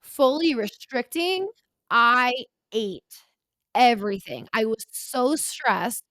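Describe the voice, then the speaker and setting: Twenties woman on a podcast, kinda high voice, lots of "like" and "um", earnest, dry close sound. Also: lively intonation, a bit bright, no room sound. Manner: halting, heavy on filler words, earnest. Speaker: podcast co-host. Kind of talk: candid personal conversation.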